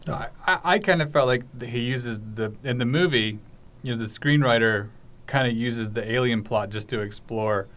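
Man, mid-pitched voice, casual chat, hesitant and thoughtful. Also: normal speed, fairly bright tone.

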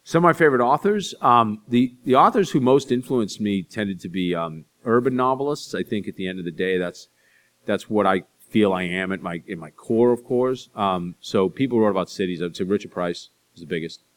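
Low-voiced man telling chatty stories. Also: lively intonation, fairly bright tone. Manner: chatty, self-deprecating, quick asides. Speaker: author answering audience questions. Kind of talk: live Q&A storytelling.

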